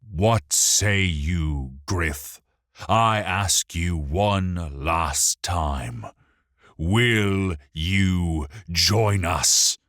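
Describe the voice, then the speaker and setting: A commanding high god with a deep, booming voice, as a male narrator puts him on. He speaks slowly and menacingly, every word weighed. The sound is dry and close. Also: a bit bright, no room sound, exaggerated voice.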